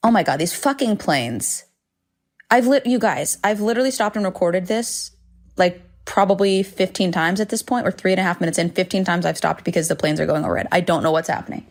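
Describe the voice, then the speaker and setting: A woman's voice: fairly low pitch, brisk. A woman hosting a solo podcast from home, talking candidly and rambling with frequent swearing and self-deprecating asides. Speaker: podcast host. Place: home, indoors.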